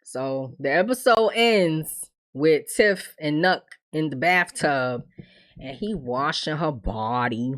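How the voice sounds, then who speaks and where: A woman's voice: low voice, slow pace. Woman doing a tv recap, talks blunt and salty, acts out everybody's lines. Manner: animated, blunt and profane, acts out characters' lines. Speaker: TV recap host. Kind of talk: casual recap chat.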